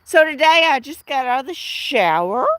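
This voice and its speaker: A woman's voice: sits high, big pitch swings, moderate pace, a bit bright, no room sound. A middle-aged woman chatting casually with viewers on a livestream from home, rambling through stories with many restarts. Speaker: livestream host.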